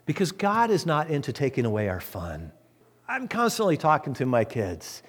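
A man preaching as pastor of his church, swinging from loud emphatic peaks to hushed low asides. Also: wildly swooping pitch, moderate pace. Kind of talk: sermon.

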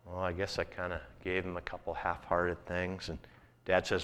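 A man's voice: sits low, completely flat delivery, normal speed, a bit bright, clear, resonant tone. A man pastor telling a story in a sermon, in a folksy, conversational way.

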